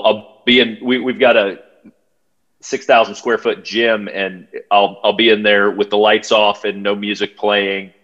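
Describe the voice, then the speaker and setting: A man, a podcast guest telling a story in a halting way, full of fillers and restarts. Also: fairly low pitch, fairly bright tone. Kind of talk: casual storytelling. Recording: dull lo-fi sound.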